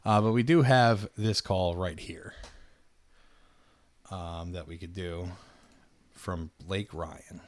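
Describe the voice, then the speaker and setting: Give me a slow, low-voiced male streamer who trails off into mumbles. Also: fairly even intonation. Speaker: streamer host. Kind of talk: casual livestream chat.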